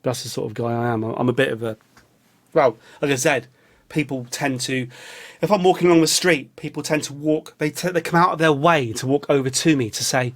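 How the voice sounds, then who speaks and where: A man's voice: medium pitch, a little fast. A man from England with a London accent, rambling through a self-mocking comic monologue with big swings of voice, recorded in a small hot studio. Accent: English, London. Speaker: vlogger.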